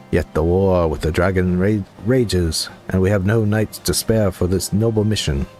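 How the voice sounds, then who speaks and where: A man voicing a fussy male knight with a put-on French accent, reading game dialogue in a theatrical, overblown way. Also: sits low. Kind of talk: game dialogue read aloud.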